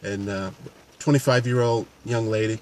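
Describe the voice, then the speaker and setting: Earnest male coach, lower voice, unscripted to-camera talk over faint traffic. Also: steady tone, normal speed. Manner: earnest, unscripted, many restarts. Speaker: paramedic and fitness coach.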